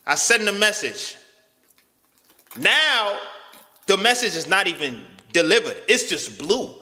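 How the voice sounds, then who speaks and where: In a large hall, a man tells a casual, slang-filled story at a measured pace. He is animated, swinging his pitch widely as he acts out the quotes.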